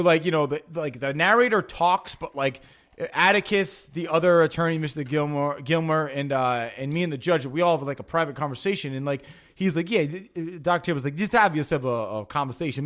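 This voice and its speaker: A man hosting a podcast, telling stories in casual chat, profane and excitable, acting out quotes. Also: a little high, fairly quick. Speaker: podcast host.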